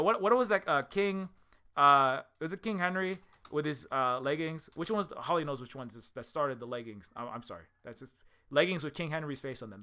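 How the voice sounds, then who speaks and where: A man's voice: on the high side, pushed and bright. A man talking in a rambling casual monologue, full of restarts, tangents and self-mocking asides. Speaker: game developer and commentator.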